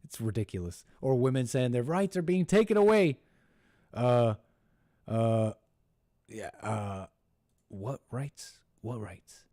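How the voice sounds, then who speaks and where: Mellow-voiced man hosting a rambling live show. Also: medium pitch, animated, no echo, clean studio sound. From United States. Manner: mocking, puts on voices when quoting others; halting, with many restarts and laughs. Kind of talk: rambling livestream monologue.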